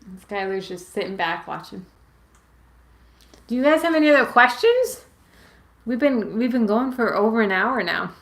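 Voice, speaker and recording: A woman's voice: a little high, animated, normal speed, long pauses. A woman in her late twenties from Massachusetts, hosting a casual live Q&A from home and rambling through viewer questions with plenty of "like" and "um". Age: 20s. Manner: rambling, with many "like" and "um" fillers. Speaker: channel host answering viewer questions. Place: at home with her pets nearby. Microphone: webcam or phone on a livestream. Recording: echoey room.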